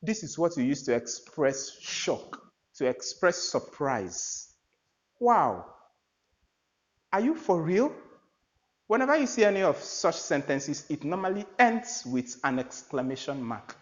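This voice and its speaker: A man's voice: fairly high pitch, big pitch swings, measured pace. A man giving an English grammar lesson, explaining point by point and restating each idea several times. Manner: explains by repeating and rephrasing, reads out example sentences. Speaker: English teacher. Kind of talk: classroom lecture. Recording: dull lo-fi sound.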